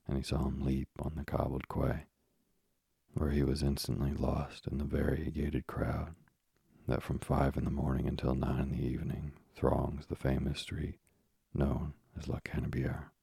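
A man narrating an audiobook in a measured, steady manner. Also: a bass voice, gravelly, husky, no room sound, studio quality.

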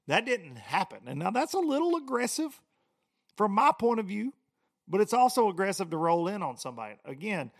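A middle-aged man, running his mouth on his own podcast. He rambles and jokes, and his slightly high voice leaps up and down all over the place. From Southern United States. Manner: animated, rambling, joking, laughs often. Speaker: podcast host. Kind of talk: casual podcast rant.

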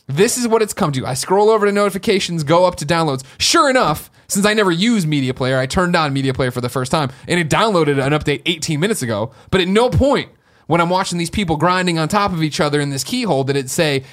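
Quick excitable dude on a podcast, kinda high voice, young guy. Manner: animated, excitable storytelling. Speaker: podcast co-host. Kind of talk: casual podcast chat.

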